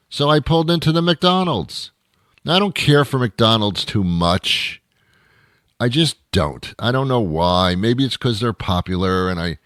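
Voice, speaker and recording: A man's voice: medium pitch, a bit bright, dry recording. Guy ranting his comedy monologue, grumbly and rambly, keeps stumbling and restarting, dead dry sound. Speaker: comedy show host.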